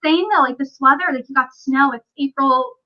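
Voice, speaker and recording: A woman's voice: high-pitched, a little fast, dull audio. A woman hosting a casual livestream chat, talking in a chatty way and reading viewer comments aloud. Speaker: livestream host.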